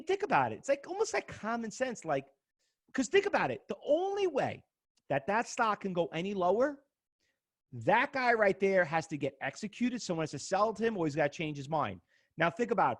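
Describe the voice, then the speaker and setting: A middle-aged man giving an excitable, emphatic live seminar on stock trading, often repeating words as he acts out arguments. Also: high-pitched. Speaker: trading instructor presenting at an expo. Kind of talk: animated live seminar talk to an audience.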